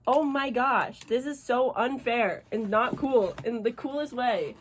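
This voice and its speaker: A woman's voice: a little high, unhurried. A woman chatting casually to camera at home as a reading vlogger, gushing and exclamatory, swearing freely. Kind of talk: casual vlog chat to camera.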